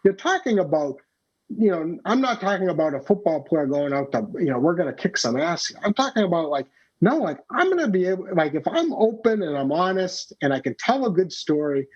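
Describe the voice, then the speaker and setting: A man's voice: high voice, very animated, brisk, darkish tone, husky. A man who is a storyteller and comedian, a guest on a podcast, talking in casual conversation with many fillers and restarts. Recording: dull lo-fi podcast audio.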